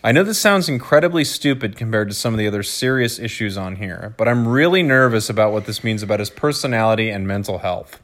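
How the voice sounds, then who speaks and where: A man's voice: lowish voice, lively intonation, quick pace, hardly any pauses, fairly bright tone. A man in his thirties co-hosting a casual podcast, joking and self-aware and slipping into playful voices. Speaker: podcast co-host. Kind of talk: casual chat, reading a listener letter.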